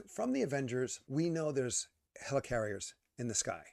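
A man co-hosting a casual movie review, ranting and arguing in an animated way. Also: medium pitch, brisk, gravelly, no echo, studio quality. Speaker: podcast co-host.

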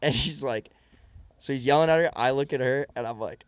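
A young man telling stories in casual podcast chat, animated and swearing, with lots of fillers. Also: medium pitch, a little fast. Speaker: podcast guest.

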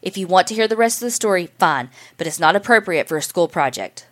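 A woman's voice: lowish voice, lively intonation, fairly bright tone. A woman voicing an exasperated mother. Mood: frustrated. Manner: exasperated, quick. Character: frustrated middle-aged mother.

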